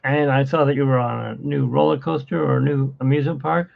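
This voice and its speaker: A man's voice: medium pitch, steady tone, a little fast, vocal fry. A man hosting a casual livestream from his phone, rambling and chatty with frequent laughs, in dull lo-fi phone audio. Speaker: livestream host.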